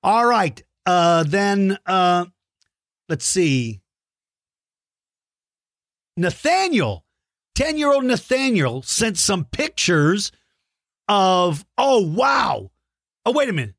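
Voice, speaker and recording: A man hosting a children's podcast, reading listener shout-outs in an enthusiastic, exclamatory way. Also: sits high, very animated, slow pace, pauses often, no echo, studio quality. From Texas. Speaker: podcast host.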